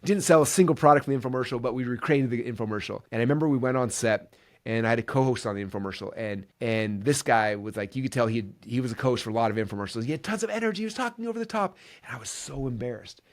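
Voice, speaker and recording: Fast-talking, energetic male podcast host. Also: mid-range voice. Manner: energetic, enthusiastic, many fillers like "like" and "right". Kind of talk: casual storytelling monologue.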